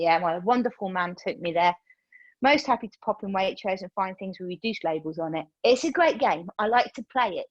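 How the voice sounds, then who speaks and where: A woman, leading a yoga class over a video call and telling a lively story, acting out her own reactions. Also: medium pitch, no echo, lo-fi sound. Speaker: yoga teacher. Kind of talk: chatty class talk with a personal story. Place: room used for online classes.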